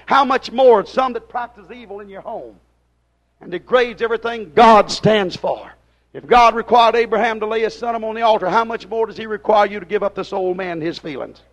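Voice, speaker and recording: Male preacher, high-pitched, fiery sermon delivery, swings between hollering and hushed pleading. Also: normal speed. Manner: hollers at the congregation, then drops to a hushed plea; folksy dialect grammar.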